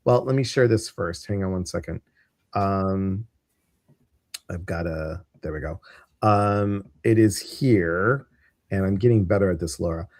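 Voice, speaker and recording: This Midwestern American man is the host of a laid-back live stream, wandering from point to point and filling gaps with plenty of uhs and ums. He speaks in a deep, darkish voice at a measured pace, with no room sound in the recording.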